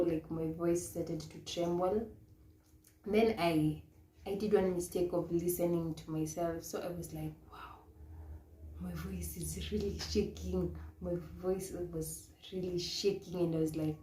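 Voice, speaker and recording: A woman's voice: on the low side, fairly even intonation, a little slow, mellow. A woman with a Kenyan accent, a pageant model coach, telling a story casually and laughing often, switching into Swahili now and then. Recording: echoey room with faint noise.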